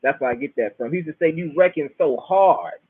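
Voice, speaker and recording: A man's voice: medium pitch, lively intonation, fairly quick, slightly rough, no echo. A man with a Florida accent rambling through a casual, slang-filled monologue as host. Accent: Southern US, Florida. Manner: profane, laid-back slang, storytelling. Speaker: show host. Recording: dry, tinny phone-like sound.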